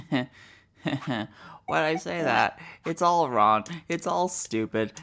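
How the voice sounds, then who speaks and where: A woman hosting a let's play, giving casual, profane, excitable commentary and mimicking characters. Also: sits low, very slow, vocal fry.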